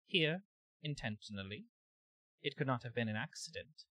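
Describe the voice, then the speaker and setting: A man voicing a faceless, many-eyed alien entity that speaks slowly and haltingly in a knowing, questioning way. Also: medium pitch, animated, fairly bright tone, no room sound. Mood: insistent.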